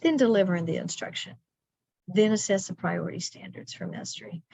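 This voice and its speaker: A woman's voice: medium pitch, a little fast, creaky, darkish tone, no echo. A middle-aged woman presenting a teacher workshop, chatty and upbeat with playful asides. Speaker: teacher trainer. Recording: dry dull lo-fi recording.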